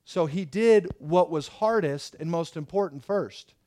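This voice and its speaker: A middle-aged man preaching a sermon as pastor, telling stories in an animated way. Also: on the high side, a little slow. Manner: animated storytelling with acted quotes.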